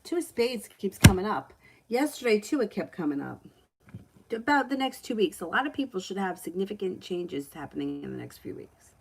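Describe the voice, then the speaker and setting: A woman giving casual tarot readings on a livestream from home, with a relaxed, matter-of-fact manner. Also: mid-range voice, a little fast, vocal fry, husky, low-quality recording. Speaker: tarot reader.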